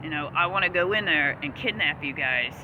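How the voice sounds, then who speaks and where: High-voiced man ranting outdoors. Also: expressive, a little fast. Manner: profane, agitated, rambling. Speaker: vlogger. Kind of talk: angry ranting monologue. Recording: street noise outdoors.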